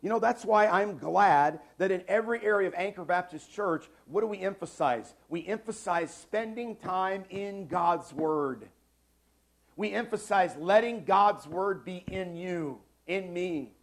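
Pastor, man, 40s, slightly high voice, emphatic sermon delivery, repeats key lines, loud-soft swings. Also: measured pace, gravelly. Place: church sanctuary.

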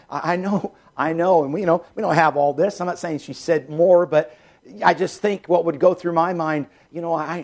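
A man preaching a sermon in an earnest, repetitive way, dropping soft and low when he voices a prayer. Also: fairly even intonation, moderate pace.

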